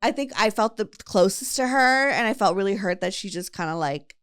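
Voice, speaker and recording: A woman's voice: mid-range voice, lively intonation, brisk, clear, resonant tone. Chatty woman telling a podcast story. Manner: chatty storyteller, lots of fillers and quoting friends. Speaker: podcast host. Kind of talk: casual chat.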